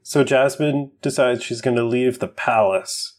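A man's voice: mid-range voice, a little slow. Laid-back young man, casual podcast chat. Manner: laid-back, laughs often, loses his train of thought. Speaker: podcast co-host. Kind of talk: casual chat recapping a film.

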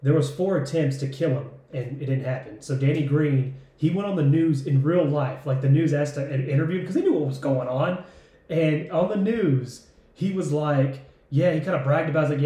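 A man's voice: fairly high pitch, fairly quick, warm tone. A man on a casual podcast, laughing often and retelling movie scenes. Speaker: podcast co-host. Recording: very echoey room.

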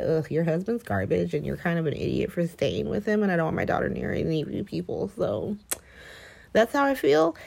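A woman recapping soap opera episodes in a gossipy, animated chat, acting out the characters' lines. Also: sits low. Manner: gossipy, animated, quotes characters in mock voices, laughs often.

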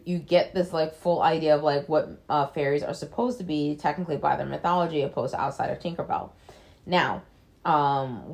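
Brief: a chatty woman with a lowish voice, casually recapping a film, blunt and full of fillers. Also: darkish tone. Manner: chatty, loose, lots of "like" fillers, blunt swearing. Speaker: film reviewer.

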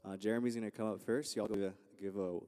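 A man's voice: fairly low pitch, steady tone, fast, warm tone, clear, resonant tone. A young man introducing speakers at a campus ministry service, telling stories casually with lots of fillers. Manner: rambling, storytelling, many fillers. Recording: long hall reverb.

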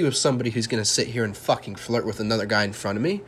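A man's voice: mid-range voice, racing, hardly any pauses, husky. Casting: young male podcast host, solo monologue, angry sarcastic rant, frequent profanity. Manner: heated, sarcastic ranting with heavy swearing.

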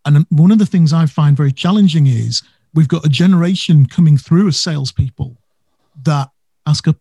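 A man's voice: a little high, moderate pace, gravelly, mellow, husky, no room sound. A man co-hosting a casual business podcast, talking animatedly and stressing words for effect. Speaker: podcast co-host.

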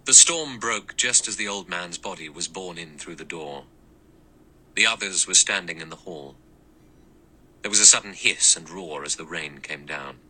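Male audiobook narrator, deep voice with a bright, sharp edge, measured read. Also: slight background noise, rough recording. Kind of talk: scripted narration.

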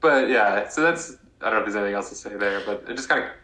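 A young man chats loosely about a show, peppering his talk with "like" and mimicking the characters as he goes. His voice sits on the low side but sounds bright. The room around him is echoey. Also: fast talker. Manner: laid-back, lots of "like" fillers, acts out characters' lines. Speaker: podcast co-host. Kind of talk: casual recap chat.

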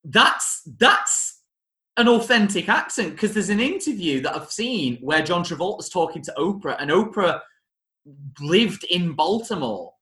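A man's voice: sits high, lively intonation, moderate pace, a bit bright, reverberant. A man hosting a casual chat about a film musical, talking enthusiastically with frequent restarts and self-corrections. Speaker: podcast host reviewing a film musical.

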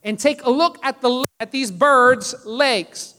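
A man voicing a stern male college professor who speaks in a measured, formal way. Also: very high voice, sharp tone, long reverb tail, voice pushed up, heavily acted.

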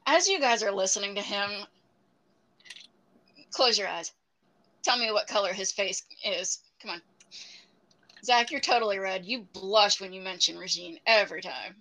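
A woman's voice: medium pitch, normal speed, long pauses, sharp tone, rough recording. A woman co-hosting a podcast, chatting casually and teasing her co-host with joking asides. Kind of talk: casual movie review chat.

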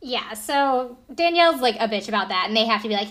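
A woman's voice: on the high side, a little fast, few pauses, fairly bright tone. A woman co-hosting a podcast, chattily retelling events with lots of fillers and easy laughs. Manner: chatty storyteller, laughs easily, filler-heavy. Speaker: podcast co-host. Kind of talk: casual chat recapping a reality show.

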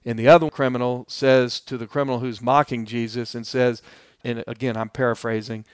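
A man's voice: medium pitch, level tone, fairly quick, smooth, no room sound, clean studio sound. A male pastor giving a verse-by-verse Bible teaching, speaking earnestly and plainly to his listeners. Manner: earnest, addresses listeners directly; plainspoken and explanatory.

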